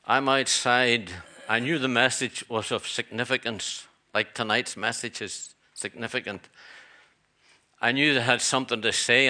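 A man's voice: medium pitch, sharp tone. A middle-aged man, a pastor preaching a sermon in a church, earnest and repetitive, with chatty asides.

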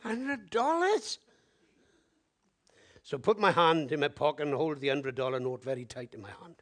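A man from Wales, preaching in an animated storytelling style that swings between loud exclamations and hushed asides. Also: medium pitch, quick pace. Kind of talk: sermon storytelling.

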